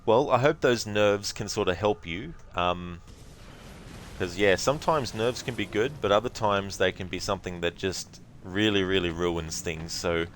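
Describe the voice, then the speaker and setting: An Australian man streaming a video game, chatting casually with viewers in a relaxed, rambling way and laughing easily. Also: sits low, moderate pace, slight background noise.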